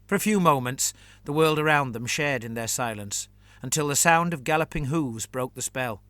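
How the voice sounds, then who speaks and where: Bright-voiced male story narrator. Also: mid-range voice, animated, moderate pace, no echo.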